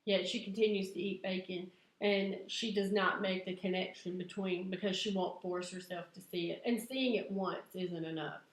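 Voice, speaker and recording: A woman, chatting excitedly to camera in a vlog and laughing at herself. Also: medium pitch, normal speed. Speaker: vlogger. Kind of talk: casual chat to camera. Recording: echoey room.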